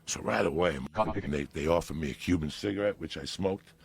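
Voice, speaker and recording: New man, storyteller, very low gravelly voice, rough and husky, profane and animated. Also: brisk. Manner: animated, profane storytelling with bursts of loud emphasis. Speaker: podcast guest. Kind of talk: storytelling in casual chat.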